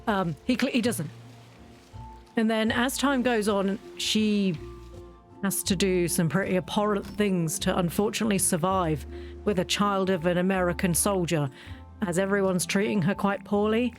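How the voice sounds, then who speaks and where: A woman hosting a relaxed let's-play, talking over her game in a chatty, wandering way and often circling back mid-sentence. Her pitch sits in an ordinary middle range. Soft game music hums faintly behind her. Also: normal speed. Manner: chatty, rambling, self-interrupting. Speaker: gaming channel host. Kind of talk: casual let's-play commentary.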